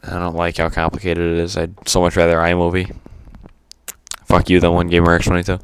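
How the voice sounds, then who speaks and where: A man's voice: low-pitched, completely flat delivery, brisk, smooth, no echo. A man giving unscripted gameplay commentary, rambling and stuttery with lots of fillers and casual swearing. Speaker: gaming commentator.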